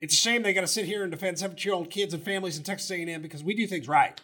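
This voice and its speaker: Man impersonating an angry football coach, fast ranting, husky voice, raised pitch. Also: sharp tone. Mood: indignant. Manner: rapid, defensive, indignant ranting. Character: indignant middle-aged male football coach ranting at a press conference. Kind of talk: podcast impression.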